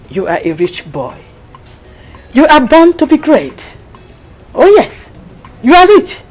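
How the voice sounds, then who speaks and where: An actress with a Nigerian accent playing a doting, teasing village mother in a Nollywood film. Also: fairly high pitch. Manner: animated, teasing, full of pride.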